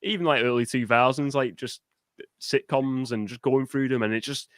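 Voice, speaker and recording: A man's voice: mid-range voice, fairly even intonation, moderate pace, fairly bright tone, no room sound. A man talks casually about films as a guest on a live stream. He starts and restarts his sentences often. His voice sounds close and dry, with little room around it. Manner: hesitant, lots of fillers and restarts. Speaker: guest podcaster.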